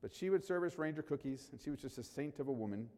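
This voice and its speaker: A man's voice: mid-range voice, animated, fast talker, a little mellow, long reverb tail. A male pastor preaching a sermon in a conversational way, rising sharply for emphasis.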